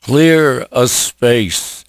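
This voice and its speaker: A preacher acting out a steady, commanding wagon master in a spoken story, giving orders at a very slow, deliberate pace in a mid-pitched male voice. The sound is close and dry. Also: dry recording. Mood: calm commanding.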